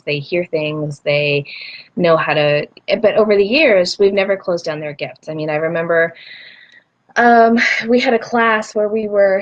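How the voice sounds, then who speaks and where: A woman in her forties, a spiritual healer being interviewed, tells a personal story casually and animatedly, performing the voices of the people in it. Her voice is lowish and the recording sounds muffled.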